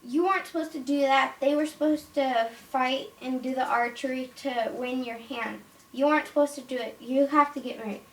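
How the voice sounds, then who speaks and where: A woman's voice: sits high, fairly even intonation, normal speed, roomy sound, recorded from a distance. A woman voicing a stern royal mother who scolds her daughter, in toy play-acting. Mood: scolding.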